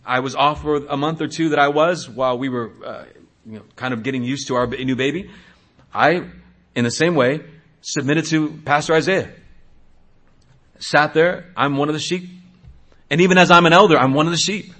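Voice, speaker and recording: A man in his thirties, a pastor preaching a sermon, swinging between hushed asides and loud exhortation. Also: a little high, moderate pace, pauses often.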